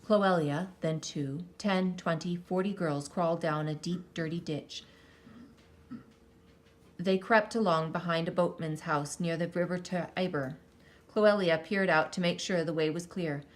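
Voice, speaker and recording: A woman reading a children's story aloud with expressive, lingering delivery. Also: fairly low pitch, a little slow. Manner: expressive, lingering on counts and sound words.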